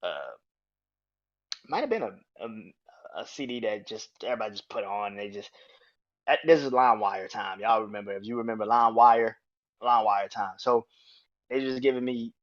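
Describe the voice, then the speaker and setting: A young man hosting a podcast in a casual, excitable monologue, swearing freely and filling his talk with "like". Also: fairly low pitch, dull audio. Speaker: podcast host. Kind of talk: casual monologue about music.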